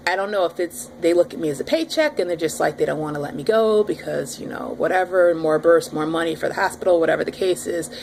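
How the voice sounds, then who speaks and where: A pregnant woman in her thirties telling her audience a story in a casual, animated vlog. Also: deep voice, a little hiss or hum. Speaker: vlogger.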